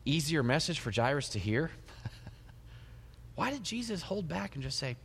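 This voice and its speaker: A middle-aged man, a pastor, giving a sermon, retelling the story with animated storytelling and soft laughs. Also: on the high side, a little fast, slightly rough. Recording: long hall reverb.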